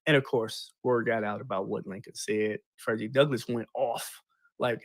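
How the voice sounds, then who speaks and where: A man casually explaining history in an animated, slangy way, retelling events with paraphrased quotes. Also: medium pitch, normal speed, dry recording.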